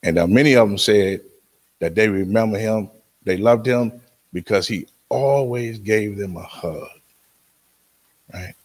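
Halting, low-voiced man giving a funeral sermon. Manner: halting, with frequent restarts and sudden emphatic rises. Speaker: speaker at a funeral, uncle of the deceased. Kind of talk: funeral sermon with Bible readings. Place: funeral service.

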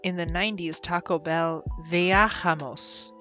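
A woman's voice: on the low side, fairly even intonation, a little slow, a bit bright, soft background music. A woman streamer chatting casually and giggling while she practises words over and over. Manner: giggly, playful, repeats words to practise them. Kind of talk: casual chat while studying a language.

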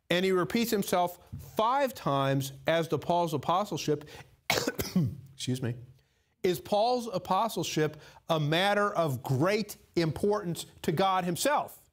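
A man preaching a sermon in church, emphatic and full of rhetorical questions, dropping to low asides and jumping up in pitch to stress key words. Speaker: pastor.

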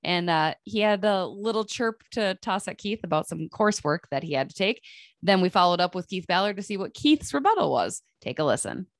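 A woman's voice: fairly low pitch, sing-song, brisk, no room sound, studio quality. A woman co-hosting a sports podcast, introducing clips and asking guests questions in an upbeat, chatty way. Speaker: podcast co-host.

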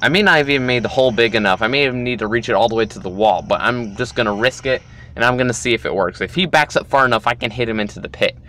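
A young man doing chatty game commentary, excitable and given to loud bursts of shouting. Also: medium pitch, rapid-fire, a little hiss or hum. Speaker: gaming YouTuber.

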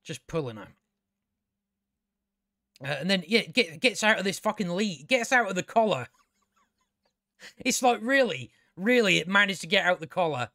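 A man's voice: high-pitched, animated, normal speed, long pauses, sharp tone, no echo, studio quality. A man giving a casual, rambling review of a TV episode, chatty, with frequent restarts and casual swearing. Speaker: TV review channel host.

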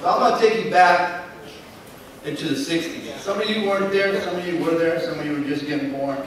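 Animated high-voiced man in an echoing hall. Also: a little fast. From Southern California. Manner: storytelling, animated, acts out dialogue with a Spanish switch. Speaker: keynote speaker. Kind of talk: motivational keynote speech. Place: large convention hall. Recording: echoey hall from far off, faint noise.

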